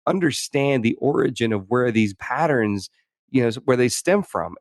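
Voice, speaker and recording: The recording is clean studio quality with no room sound, capturing a man at a medium pitch as he hosts a podcast. His reflective interview talk walks thoughtfully through personal stories, full of restarts and "you know"s.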